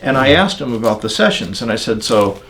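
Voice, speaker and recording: An older man talking about records and turntables in a relaxed, digressive interview, with many pauses and fillers. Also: medium pitch, a little hiss or hum. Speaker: audio magazine editor.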